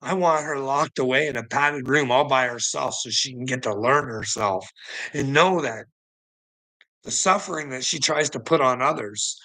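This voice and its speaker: A man's voice: mid-range voice, normal speed, pushed and bright, rough recording. A man ranting in a rambling monologue, mocking and profane, laughing often between lines. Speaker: vlogger.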